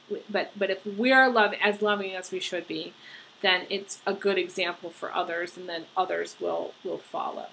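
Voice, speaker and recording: A woman giving a tarot horoscope reading, earnest and halting, with many fillers and restarts. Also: fairly low pitch, creaky, pushed and bright, slight background noise, rough recording. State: getting emotional. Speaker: tarot reader.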